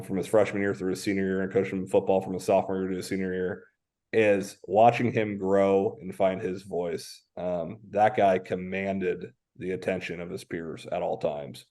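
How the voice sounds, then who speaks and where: Man, 30s, from Washington State, low voice, reflective coach, casual podcast talk. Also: darkish tone. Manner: reflective, anecdotal, many "um" fillers. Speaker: high school football coach, podcast guest.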